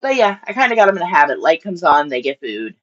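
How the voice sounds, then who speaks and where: A woman with a slightly low voice talks casually through a home live stream, rambling and stopping to give her fish silly little voices. The sound is dull and lo-fi, like stream audio. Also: sing-song, quick pace.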